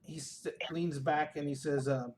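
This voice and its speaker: A man's voice: fairly high pitch, steady tone, darkish tone, a little hiss or hum. Hesitant male dungeon master. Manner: halting, hedging narration with many restarts. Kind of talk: narrating a tabletop game.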